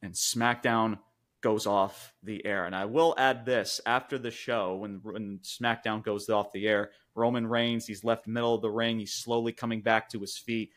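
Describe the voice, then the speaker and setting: A man co-hosting a podcast, recapping a wrestling show in casual chat, excited and swearing freely with lots of fillers. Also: on the low side, moderate pace. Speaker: podcast co-host reviewing wrestling.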